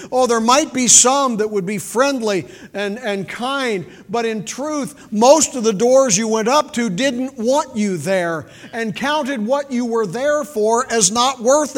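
An older man giving a sermon with folksy storytelling, shifting from loud emphasis to quiet, intimate moments. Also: extremely high pitch, unhurried, hardly any pauses. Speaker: preacher. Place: large church hall. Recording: reverberant church hall.

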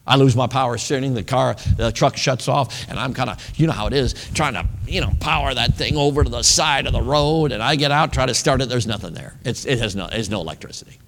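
A man's voice: mid-range voice, fast talker, gravelly, hardly any pauses, noisy background. A male preacher telling a story in a sermon, talking casually and often checking in with his audience. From northern United States. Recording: long reverb of a large hall.

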